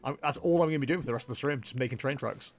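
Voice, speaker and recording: A man's voice: mid-range voice, rapid-fire, a little hiss or hum. A young man chatting casually as he streams a game, rambling and poking fun at himself. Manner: chatty, rambling, self-mocking. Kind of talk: casual gameplay livestream commentary.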